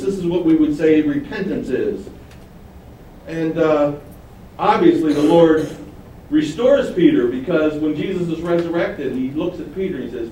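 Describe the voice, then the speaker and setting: A man preaching a sermon, animated, acting out quoted lines with sudden rises. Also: fairly high pitch, normal speed. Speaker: pastor. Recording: very echoey room, distant mic, faint noise.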